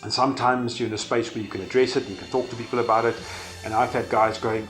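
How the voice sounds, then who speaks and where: A man's voice: mid-range voice, level tone, fast, fairly bright tone, soft background music. A man giving an earnest, conversational devotional talk and telling a personal story. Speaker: faith-based speaker.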